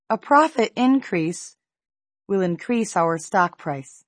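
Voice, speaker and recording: A woman slowly reading a scripted pronunciation lesson, enunciating each word with deliberate care. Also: mid-range voice, lively intonation, dry recording, studio quality. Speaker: pronunciation teacher. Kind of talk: slow scripted pronunciation drill.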